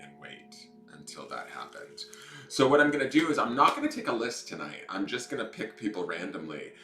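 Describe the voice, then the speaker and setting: A man's voice: lowish voice, pushed and bright, roomy sound. A man hosting a casual tarot live stream, chatting in a playful, campy way and greeting viewers by name. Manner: playful, campy, joking asides. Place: indoors at home.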